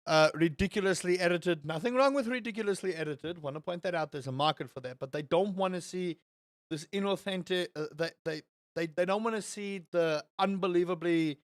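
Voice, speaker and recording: A man's voice: a little high, no room sound, studio quality. A man streaming live, chatting casually and rambling as he answers his chat. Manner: rambling, talks to chat, self-interrupting. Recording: faint music behind.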